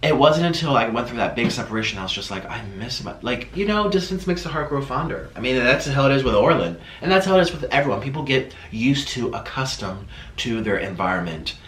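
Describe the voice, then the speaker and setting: A man's voice: mid-range voice, expressive, a bit bright. A man speaks to camera in an emotional, casual vlog, his voice breaking as he stops and starts between fillers. The room gives his voice a noticeable echo. A faint hiss sits under the recording. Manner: tearful, halting, with many pauses and fillers. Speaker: vlogger.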